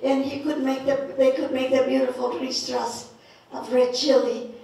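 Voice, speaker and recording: A woman from northern New Mexico telling a folk tale in a lively way, laughing as she goes. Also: high voice, normal speed, creaky. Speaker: storyteller. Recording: echoey, from far off.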